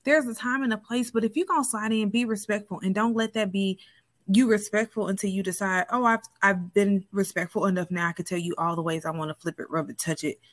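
Speaking fairly quickly in a mid-range voice, this podcast co-host swaps lively stories and laughs a lot during relaxed conversation. The recording carries no room sound.

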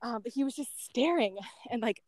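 This woman has a fairly high, slightly mellow voice with lively intonation, speaking at normal speed with no room sound. As an interviewed guest and former end-of-life caregiver, she tells a story casually, filling it with "like," "um," and small laughs.

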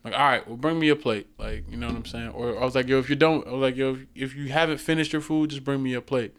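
Animated storytelling man with a smooth voice. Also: medium pitch, fast talker. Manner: animated storytelling, acts out voices and laughs a lot. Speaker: podcast co-host. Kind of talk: casual chat.

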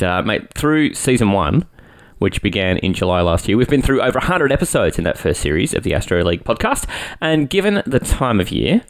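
An Australian man hosts a podcast in an easygoing, joking manner. He pokes fun at himself as he talks. His voice sits on the low side. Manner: chatty, joking, self-deprecating. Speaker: podcast host. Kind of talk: casual podcast talk.

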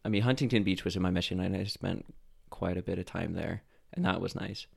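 A young man from Idaho, a podcast guest telling stories in a relaxed way, with lots of fillers. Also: low voice, brisk, creaky, breathy edge. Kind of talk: casual storytelling.

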